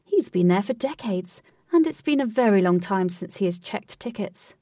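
A woman's voice: medium pitch, expressive, normal speed, mellow, dry recording, clean studio sound, far from the mic, lightly acted. A woman voicing a commanding, scheming queen who speaks in a stately, formal way.

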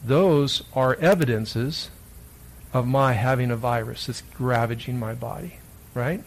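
A man's voice: mid-range voice, unhurried, slight background noise, rough recording. A man preaching a children's sermon in church, reading scripture and then asking the children playful questions. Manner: playful, asks the listeners many questions. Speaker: pastor.

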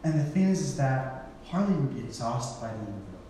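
A man's voice: mid-range voice, very animated, fairly quick, dark tone, recorded from a distance, slight background noise. Man preaching in an echoey hall. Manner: casual storytelling with playful voices for quoted people. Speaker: pastor. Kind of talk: sermon.

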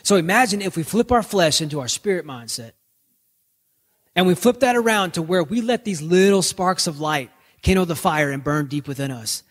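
High-voiced joking preacher man. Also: expressive, normal speed, long reverb tail. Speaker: pastor. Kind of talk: conversational sermon podcast.

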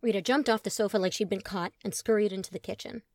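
Casting: expressive woman audiobook narrator, wry, dry close studio sound. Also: mid-range voice, fast talker, no echo.

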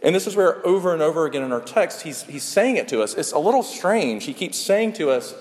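A man's voice: on the high side, very animated, a little fast, few pauses. Preaching man in a reverberant hall. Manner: earnest, repetitive emphatic preaching with soft hushed passages. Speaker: pastor. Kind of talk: sermon. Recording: long reverb of a large hall.

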